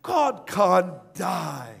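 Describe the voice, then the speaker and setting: A man's voice: extremely high pitch, lively intonation, a little slow, a bit bright, pitched above the performer's own voice, heavily acted. A man voicing an earnest preacher who keeps arguing with his crying wife. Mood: preaching. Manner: preachy, exasperated. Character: earnest male preacher, puzzled husband.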